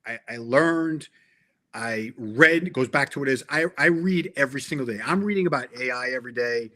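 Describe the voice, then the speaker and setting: A man's voice: medium pitch, brisk, pushed and bright. A middle-aged man talking in a casual interview as a guest, earnest and emphatic, often restarting his sentences. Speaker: interview guest, tech sales veteran.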